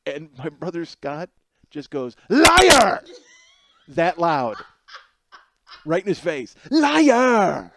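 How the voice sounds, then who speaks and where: A middle-aged man hosting a podcast, telling a comedic story in an animated way, swearing freely and laughing through the punchlines. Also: fairly high pitch, takes it slowly, long pauses, a loud crowd. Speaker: podcast host.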